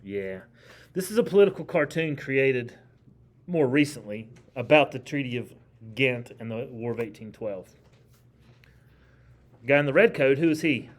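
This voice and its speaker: A man's voice: mid-range voice, expressive, moderate pace, long pauses. A man teaching a history class in a classroom. He lectures in a conversational, emphatic way and keeps putting questions to his students.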